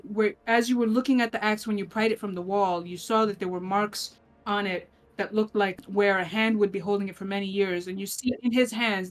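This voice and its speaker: A woman running a tabletop game as game master, narrating scenes in detail and often restarting her phrases. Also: medium pitch. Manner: descriptive, with frequent restarts.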